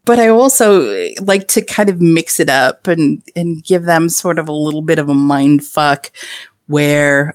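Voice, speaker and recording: A woman's voice: sits low, measured pace, no room sound, studio quality. A woman guest on a podcast, talking frankly and playfully and laughing often. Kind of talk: casual interview chat.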